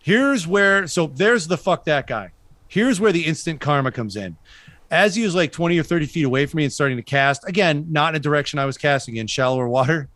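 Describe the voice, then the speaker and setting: A man's voice: a little high, lively intonation, a little fast, fairly bright tone, dry recording. A man co-hosting a fishing podcast, telling a story bluntly, swearing freely and acting out both sides of the exchange. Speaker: podcast co-host. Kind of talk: casual podcast chat.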